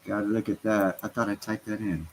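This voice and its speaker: Stoned man vlogging from home, low-pitched, rambling and self-interrupting, faint hum behind. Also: fairly even intonation, fairly quick, poor audio. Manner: meandering, self-interrupting, talks to viewers and his cat. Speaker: crypto vlogger. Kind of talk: casual rambling livestream chat.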